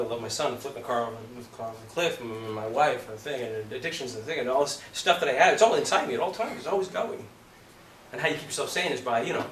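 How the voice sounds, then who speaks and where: Acting coach, man, animated and profane storyteller, recorded off-mic in an echoey studio with room noise. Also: medium pitch. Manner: animated storyteller, swears, acts out scenes. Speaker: acting teacher. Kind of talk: talk to an acting class. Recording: roomy, distant, noisy room recording.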